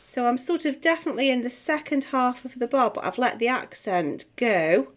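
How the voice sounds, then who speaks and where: A middle-aged woman teaching music theory, chatting as she writes and sounding out words slowly. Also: on the high side. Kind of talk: tutorial, talking while writing.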